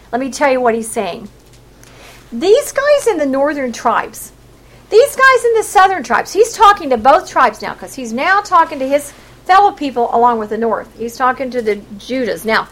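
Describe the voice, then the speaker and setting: A woman preaching a sermon in a high voice. She leaps up and down in pitch and hammers her points home. She acts out the quoted voices with big swings. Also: very animated, moderate pace, fairly bright tone, rough recording.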